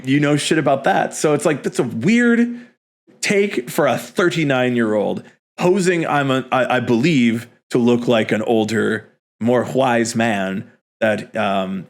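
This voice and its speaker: A man in his thirties hosts a casual reaction chat, ranting animatedly, swearing and laughing at what he watches. His voice sits at an ordinary middle pitch for a man. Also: unhurried. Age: 30s. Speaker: host.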